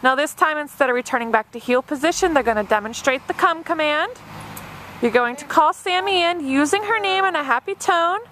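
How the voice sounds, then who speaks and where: A woman's voice: high voice, expressive, brisk, fairly bright tone, slight background noise. A woman dog trainer narrating an obedience demonstration step by step, with a patient and encouraging manner. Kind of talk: instructional narration.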